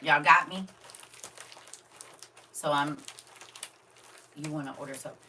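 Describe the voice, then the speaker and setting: An older grandmother chats on a live stream, talking right to her viewers. Her voice is bright and a little tense. She sits a bit back from the camera mic, so she sounds slightly distant. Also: sits low, steady tone, slow pace, a little hiss or hum. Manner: chatty, talks straight to viewers. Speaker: vlogger. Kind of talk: casual live stream chat.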